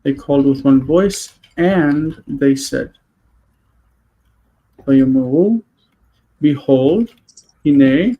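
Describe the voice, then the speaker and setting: A man teaching a grammar lesson on a video call, explaining patiently and slowing down to spell out words. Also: mid-range voice, highs cut off. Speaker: Hebrew teacher. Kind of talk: online class lesson.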